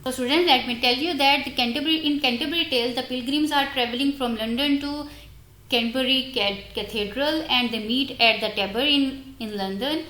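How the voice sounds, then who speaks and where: A woman's voice: high voice, sharp tone. Woman lecturing in a roomy echo. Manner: halting, restarts explanations, addresses students directly. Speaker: English literature lecturer. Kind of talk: recorded university lecture. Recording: roomy echoey recording.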